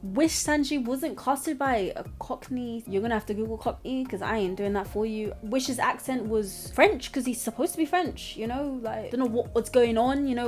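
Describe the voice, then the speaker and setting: Give me a young woman with a rather high voice, chatting and rambling with a giggle, faint music underneath. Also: normal speed, hardly any pauses, darkish tone. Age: young adult. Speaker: anime reviewer, channel host. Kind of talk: casual commentary vlog.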